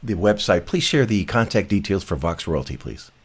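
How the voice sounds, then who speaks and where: A man's voice: low voice, big pitch swings, normal speed, slightly rough. A man hosting a business interview, formal and polite, addressing his guest as sir. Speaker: interview host.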